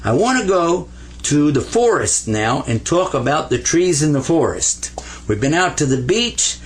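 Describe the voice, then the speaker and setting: A man's voice: on the high side, sing-song, unhurried, slightly rough. A man teaching an Arabic lesson in a folksy, playful way, drawing letters as he explains them and drawing out the sounds he drills. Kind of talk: whiteboard language lesson.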